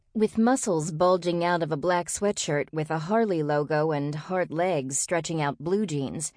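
A woman reading an audiobook as its narrator, telling the story in a steady, measured way. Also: lowish voice, dry recording, studio quality. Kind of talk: scripted narration.

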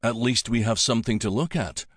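A man's voice: medium pitch, a little fast, dry recording, studio quality, lightly acted. A man narrating an audiobook voices a jovial, teasing male dragon king with a thick Scottish accent. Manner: teasing, warm-humored.

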